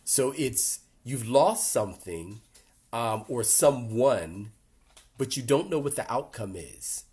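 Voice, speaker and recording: An older man speaking earnestly to a support group in a reflective workshop talk, gently emotional, with pauses. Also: mid-range voice, animated, breathy edge.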